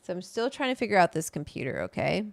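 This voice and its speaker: A woman hosts a relaxed, chatty talk and reads quotes aloud in an easy way. Her voice has a gravelly, fried edge at a middle pitch. The sound is close and dry, with no room echo. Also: fast. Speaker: host. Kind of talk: casual chat.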